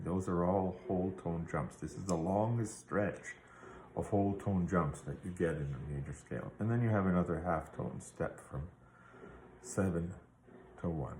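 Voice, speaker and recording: Man, low voice, guitar theory lesson, patient explaining, roomy echo, faint background hiss. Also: darkish tone. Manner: patient, explanatory, with fillers and checks like "right?". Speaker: music teacher.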